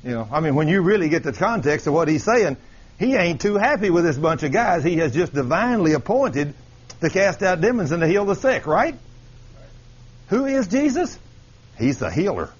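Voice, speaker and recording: Guy preaching a sermon, fairly high voice, husky, kinda muffled recording. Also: normal speed. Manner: animated, questioning the congregation.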